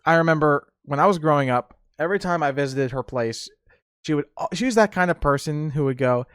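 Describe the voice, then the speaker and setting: A man's voice: on the high side, brisk, no echo, clean studio sound. A young man hosting a casual solo podcast, telling rambling stories with laughter and restarts. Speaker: podcast host.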